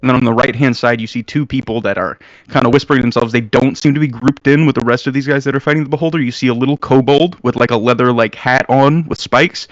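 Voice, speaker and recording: A man's voice: mid-range voice, fairly even intonation, fast, dry recording, dull audio. A man narrating as game master in a casual, filler-heavy way.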